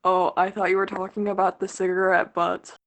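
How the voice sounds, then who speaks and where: A woman's voice: mid-range voice, flat delivery, fairly quick. Young woman giving brief, plain answers. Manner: brief, matter-of-fact replies. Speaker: podcast guest. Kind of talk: casual podcast chat.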